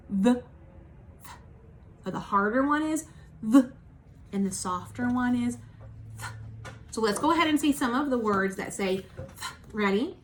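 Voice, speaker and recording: A woman teacher giving a recorded phonics lesson for young children, slowly modelling sounds for them to repeat and praising them patiently. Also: on the high side, a bit bright. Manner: encouraging, patient. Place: at home.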